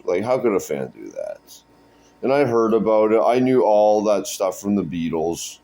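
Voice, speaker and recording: A man's voice: fairly low pitch, sing-song, normal speed, dark tone. A man in a comic improvised monologue, rambling and stammering with repeated words.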